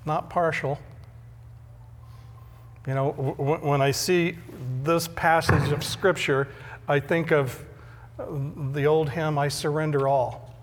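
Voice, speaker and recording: A man's voice: fairly high pitch, fairly even intonation, takes it slowly, long pauses, big-room sound. A middle-aged male pastor preaching a sermon in a conversational way, often repeating words when he stresses a point.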